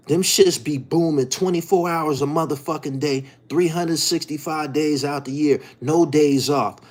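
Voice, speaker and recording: Husky male host, animated swooping delivery, heated and profane monologue. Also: a little high. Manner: profane, repetitive, heated, keeps asking "you dig". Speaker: podcast host. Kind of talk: ranting monologue.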